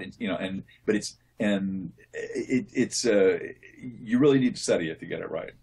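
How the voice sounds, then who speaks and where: A man, a voice actor, answering interview questions in a relaxed, thoughtful way, often restarting his sentences as he explains. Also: on the low side, normal speed, hardly any pauses, slightly rough. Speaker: voice actor guest.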